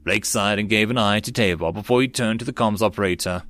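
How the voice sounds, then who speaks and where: Reading at a fast clip, a male audiobook narrator performs a web novel, taking on all the parts and raising his voice for spoken lines. His voice sits lowish and a bit bright, and the recording has no echo.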